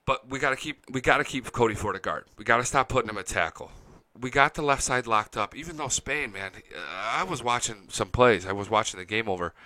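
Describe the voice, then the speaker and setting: A young man hosting a casual live-stream fan chat, excitable and profane, reading viewer comments aloud. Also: mid-range voice, fairly quick, no echo. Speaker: fan show host.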